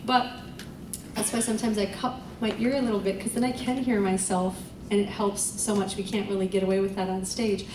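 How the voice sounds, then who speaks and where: A woman's voice: mid-range voice, level tone, fairly quick, background noise. Chatty vocal coach woman in an echoey room. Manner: chatty, demonstrates by singing vocal exercises. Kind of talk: group voice lesson. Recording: echoey room, voice from far off, music behind.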